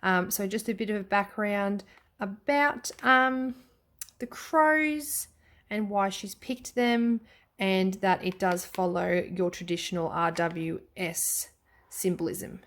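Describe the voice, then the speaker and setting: Australian woman, casual vlog host, mid pitch, chatty and gushing, lots of filler words and little apologies. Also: a bit bright. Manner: chatty and enthusiastic, frequent ums and quick self-corrections. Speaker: tarot deck reviewer. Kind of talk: casual tarot flip-through vlog.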